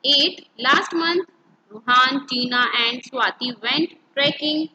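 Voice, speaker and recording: A woman teacher with an Indian English accent giving a grammar lesson, explaining slowly, spelling words out letter by letter and switching between English and Hindi. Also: high voice, noisy background. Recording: dull lo-fi recording.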